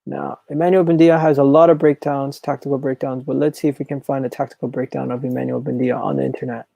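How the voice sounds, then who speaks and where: A man hosting a live football talk stream, reading viewer comments and repeating his phrases in a chatty, animated way. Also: mid-range voice, fast, creaky, dry recording, rough recording. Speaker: football channel host.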